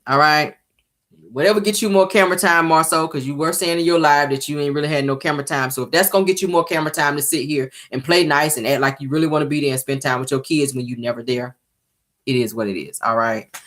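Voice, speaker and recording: A woman's voice: low voice, fast talker, a bit bright. A woman casually recapping a reality TV episode, talking sassily straight to her viewers. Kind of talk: casual show recap commentary.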